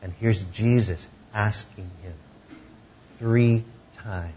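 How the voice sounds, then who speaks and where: A man preaching a sermon in a conversational way, sometimes dropping to hushed tones. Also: on the low side, takes it slowly, dull audio, a little hiss or hum. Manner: conversational, drops to hushed tones for emotional moments.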